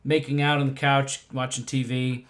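A man's voice: mid-range voice, little pitch movement, normal speed, a bit bright. A man co-hosting a podcast, chatting casually and emphatically about a TV drama, sometimes swearing. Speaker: podcast co-host. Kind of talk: casual chat.

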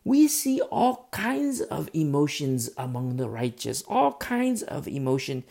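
A man preaching a sermon with a mellow, warm tone. He talks with passion and repeats lines for emphasis. He restarts phrases and drops in asides as he goes. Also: fairly high pitch, big pitch swings, a little slow, vocal fry, hardly any pauses. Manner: impassioned, repetitive, with many restarts and asides.

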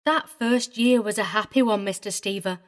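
A woman's voice: mid-range voice, normal speed, lightly acted. A woman voicing a prim, tearful middle-aged governess in a dramatized audiobook reading, agitated and wavering. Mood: vehement, tearful.

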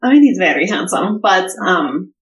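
A woman's voice: on the low side, big pitch swings, normal speed, a bit bright, roomy sound, lo-fi sound. A woman playing a tabletop role-playing game in character, talking hesitantly with many fillers and restarts. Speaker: player.

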